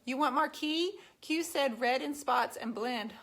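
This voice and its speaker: A woman's voice: sits high, measured pace, noisy background. A woman painting furniture on a live stream from her home garage, chatting and teasing her viewers as she works. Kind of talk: casual live-stream chat.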